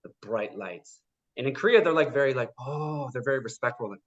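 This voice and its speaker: Male guest, mid-pitched, animated storyteller, muffled lo-fi recording. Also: brisk. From United States. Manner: animated, acts out quoted people, many "like" fillers. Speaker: podcast guest. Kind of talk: casual storytelling interview. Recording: dull lo-fi podcast audio.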